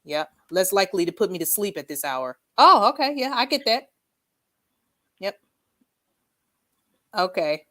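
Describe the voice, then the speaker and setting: A woman hosting a casual livestream chat, reading viewer comments aloud, animated and quick to laugh, saying "y'all". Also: medium pitch. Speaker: livestream host.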